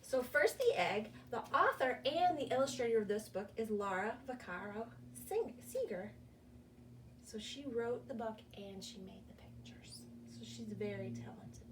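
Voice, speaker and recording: A woman's voice: on the high side, expressive, moderate pace, distant mic, slight background noise. Cheerful librarian woman leading story time. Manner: cheerful, sing-song, coaxing questions to kids. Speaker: children's librarian. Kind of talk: virtual children's story time.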